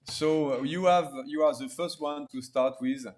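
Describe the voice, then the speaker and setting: A man hosting an online wine tasting over a video call, halting and full of fillers. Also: fairly high pitch, a little mellow. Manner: halting, many fillers and restarts. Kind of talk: hesitant live presentation.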